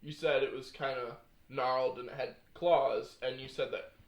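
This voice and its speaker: A man's voice: medium pitch, fairly even intonation, normal speed. A man playing a tabletop game, asking hesitant questions. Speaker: player. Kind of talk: casual tabletop game play. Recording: echoey room.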